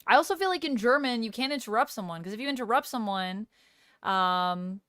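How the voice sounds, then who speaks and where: A woman's voice: on the high side, animated, fairly quick, a bit bright, dry recording, clean studio sound. A woman streamer chatting casually on a livestream, reading out chat messages, answering them and trying out phrases with a light laugh. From Canada. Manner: reads out chat and chats back, tries out phrases with a light laugh.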